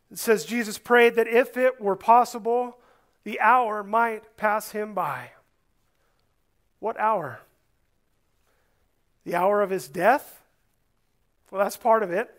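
A male pastor delivers a sermon in a notably high voice and an unhurried, deliberate pace. His delivery is earnest, swelling on emphasized words and sinking low at the close of phrases.

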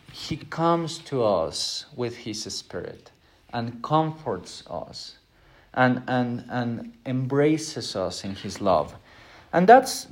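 Earnest man teaching a Bible lesson. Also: lowish voice. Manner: earnest, self-deprecating, acts out quoted voices.

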